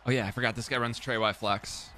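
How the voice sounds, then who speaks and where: A young man with a bright, forceful voice talks through a video game match live. He mutters the same phrase again and again, swears freely, and now and then jumps into yelling. Faint game music plays behind him. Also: mid-range voice, steady tone, fast. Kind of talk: live gameplay commentary.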